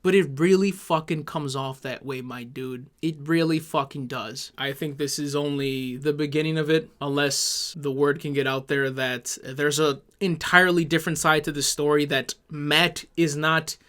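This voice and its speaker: A man's voice: a little high, fairly even intonation, moderate pace, few pauses, a bit bright. A man delivering an angry, sarcastic YouTube commentary rant, swearing heavily.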